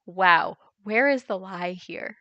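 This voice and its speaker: A woman's voice: mid-range voice, takes it slowly, sharp tone, no room sound, highs cut off. Young adult female streamer, casual chatter, dry close sound. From United States. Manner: chatty, reads chat aloud and reacts with laughs. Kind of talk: casual live-stream chat.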